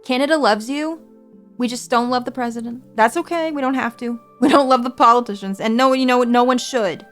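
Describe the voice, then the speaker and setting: A woman's voice: on the high side, a little fast, fairly bright tone, faint music behind. Earnest, reassuring woman in her forties. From United States. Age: 40s. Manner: earnest, reassuring, swears freely. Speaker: streamer. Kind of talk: casual chat to stream viewers.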